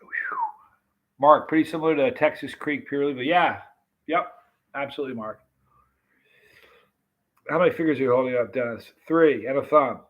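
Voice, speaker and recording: A man's voice: medium pitch, normal speed, long pauses, lo-fi sound. A man hosting a live stream, chatting and reading comments while his mouth burns from a very hot pepper extract, gasping and exclaiming. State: burning mouth, hiccuping.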